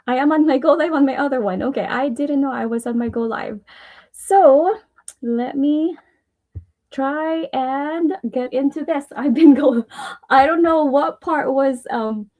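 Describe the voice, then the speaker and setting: A woman with a Filipino accent talks on a casual live stream, pitched a little high but with a mellow, warm tone. She speaks earnestly and chattily, sharing personal affirmations and rambling a bit with restarts and soft laughs. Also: rough recording. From Philippines.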